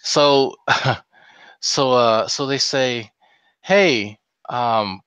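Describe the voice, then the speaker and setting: A man's voice: mid-range voice, extremely slow, fairly bright tone, clean tone, dry recording. A man casually telling a long anecdote on a group talk show, acting out quotes as he goes. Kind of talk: casual storytelling. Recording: slightly dull lo-fi sound.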